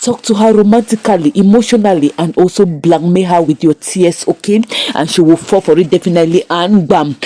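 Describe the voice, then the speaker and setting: A woman recaps a comedy series in a lively, storytelling way, turning to her viewers with emphatic asides. Her voice is mellow and warm, and it sits in a dry, close space with no room echo. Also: fairly low pitch. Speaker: show recap reviewer. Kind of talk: casual recap commentary.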